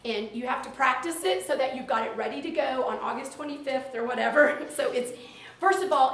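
Animated woman teacher, echoey room. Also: a little high, a little fast, distant mic. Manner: animated, playful, laughs often, acts out stern classroom lines. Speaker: teacher giving a workshop. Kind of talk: lively teacher training talk.

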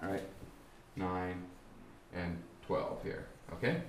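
A man teaching a class on musical timing, talking haltingly with many restarts and asking the students rhetorical questions. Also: low voice, echoey room, slight background noise. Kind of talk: classroom lesson on beat patterns. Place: warm indoor classroom.

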